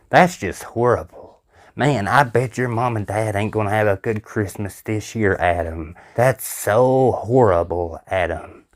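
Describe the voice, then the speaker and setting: A syrupy, fake-sympathetic ghost-channel host, put on by a man drags out every word in a slow, mock-mournful drawl. The voice sits fairly low. It is an exaggerated parody for a reaction video. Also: natural voice.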